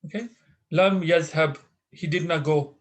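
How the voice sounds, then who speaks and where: Brief Male Arabic teacher, raised voice, patient and halting, video call. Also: on the high side. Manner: explains patiently with many fillers and restarts. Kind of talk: online interactive class.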